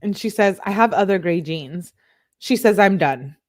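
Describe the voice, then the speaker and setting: A young woman true crime commentator reads text messages aloud in a casual style, interrupting with incredulous asides. Her voice has an ordinary mid-range pitch, a little mellow, animated, and at a moderate pace.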